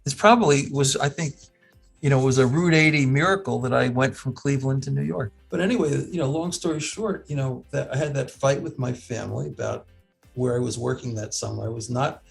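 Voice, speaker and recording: A man, a medical school professor, tells an animated story in a relaxed talk, acting out other people's voices and often restarting his sentences. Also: mid-range voice, a little fast, vocal fry, husky, soft background music. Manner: lively storyteller who acts out quoted voices, with frequent restarts.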